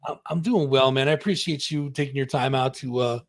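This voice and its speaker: A man's voice: mid-range voice, a little fast. A man hosting an interview show, talking in a friendly, casual way and calling his guest dude and man. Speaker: podcast host.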